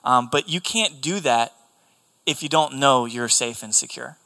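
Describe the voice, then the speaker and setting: Bright-voiced earnest male preacher. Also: medium pitch, unhurried, vocal fry. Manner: earnest, emphatic, repeats key phrases. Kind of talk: sermon.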